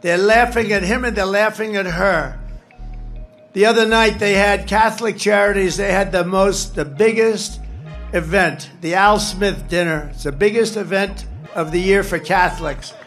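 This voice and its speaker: A man with a high voice speaks into a stage microphone at a rally. He rambles off the cuff and hammers his points by repeating short phrases, while faint music plays behind him. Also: normal speed, a bit bright. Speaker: political candidate speaking at a rally. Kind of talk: campaign rally speech.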